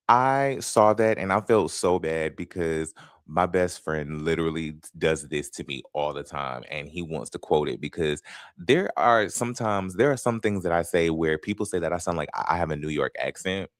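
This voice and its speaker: A man's voice: sits low, moderate pace, no room sound, clean studio sound. A man in his thirties from North Carolina with a Southern accent, hosting a casual live chat with viewers and swearing freely. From Fayetteville, North Carolina. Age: 30s. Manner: animated, swearing, chatty with viewers. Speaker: host.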